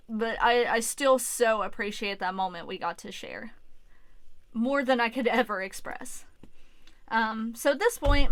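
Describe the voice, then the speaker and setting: A young woman talks straight to camera in a candid storytime vlog, emotional and open, with frequent restarts and casual swearing. Her voice sits a little high, and the sound is dry and close. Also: fairly bright tone, no echo. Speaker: YouTuber.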